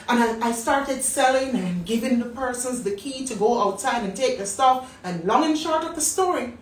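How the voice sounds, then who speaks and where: Animated Jamaican woman storyteller, higher voice. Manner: animated storyteller acting out quotes. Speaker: business talk host. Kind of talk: personal storytelling. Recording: roomy, distant mic.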